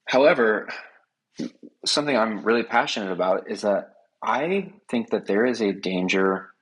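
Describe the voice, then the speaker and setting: A man's voice: on the low side, expressive, normal speed, breathy edge, low-quality recording. A man speaking as a podcast guest, talking earnestly and with many fillers in a casual conversation.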